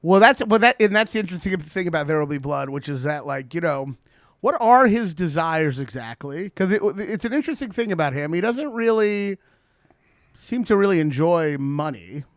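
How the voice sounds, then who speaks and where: A man with a slight lisp hosts a casual podcast chat, his voice sitting a little high with a gravelly fry. He talks quickly and eagerly, laughing and teasing as he goes, and the sound is close and dry. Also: expressive, no room sound. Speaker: podcast host.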